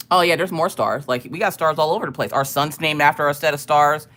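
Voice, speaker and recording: A woman chatting casually on her live stream, telling stories in an animated, profane way and laughing often. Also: low-pitched, normal speed.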